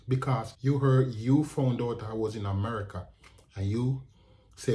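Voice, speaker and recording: Jamaican guy ranting about a job gone wrong, mellow warm voice, mid pitch. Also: normal speed. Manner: animated, indignant retelling, slipping into patois. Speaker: vlogger. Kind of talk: casual storytelling rant.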